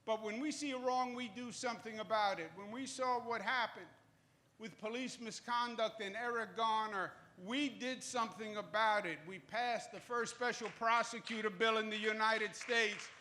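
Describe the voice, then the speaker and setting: A man's voice: high voice, pushed and bright. A man in his sixties with a New York accent, giving a public speech as a state governor, emphatic and repetitive with joking asides. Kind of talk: public speech at a groundbreaking event. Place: outdoor event in Harlem.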